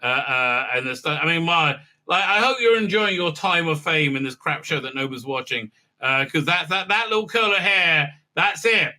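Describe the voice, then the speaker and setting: A man hosting a casual recap and review show, rambling and sarcastic with lots of filler sounds. His voice is sharply bright and a little higher than most men's. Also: lively intonation, normal speed, few pauses. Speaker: host.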